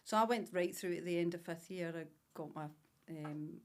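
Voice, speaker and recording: Brief: Ayrshire woman in her fifties, lowish voice, lively storyteller on a podcast. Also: normal speed. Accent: Ayrshire Scottish. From Scotland. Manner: warm storytelling, enthusiastic. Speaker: guest, salon director. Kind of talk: casual interview chat.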